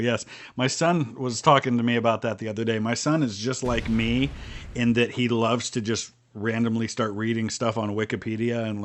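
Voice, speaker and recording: A middle-aged man from Ohio with a Midwestern American accent, chatting casually on a game live stream, rambling with ums and restarts. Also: fairly low pitch. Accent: General American Midwestern. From Northeast Ohio, US. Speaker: streamer playing a strategy board game with viewers.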